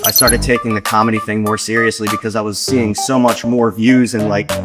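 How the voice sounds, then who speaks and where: A man's voice: lowish voice, little pitch movement, a little fast, loud music behind the voice. Young male comic chatting about his start, loose and rambling, hip hop beat behind. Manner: rambling, laid-back, full of "like". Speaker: comedian. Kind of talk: casual interview talk.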